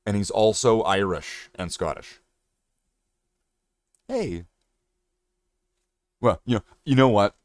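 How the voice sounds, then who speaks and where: With a lowish, expressive voice, a man from Canada speaks slowly and leaves long pauses, with no echo in the recording. He hosts a relaxed livestream, painting miniatures and joking around with chat in a rambling way.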